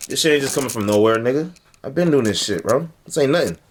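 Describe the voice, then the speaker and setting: A young man hosting a reaction video, talking in a blunt, animated way, with heavy slang. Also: mid-range voice, fast, a little hiss or hum. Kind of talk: casual reaction commentary.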